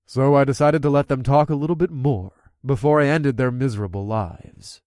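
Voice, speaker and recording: A man's voice: mid-range voice, moderate pace, darkish tone, dry recording. Male narrator for a gritty first-person story, mid-range voice, dry close sound.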